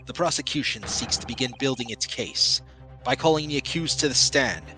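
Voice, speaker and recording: Male player as formal court official, measured, bright tone. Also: mid-range voice, soft background music, natural voice. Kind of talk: fan voice dub of a game.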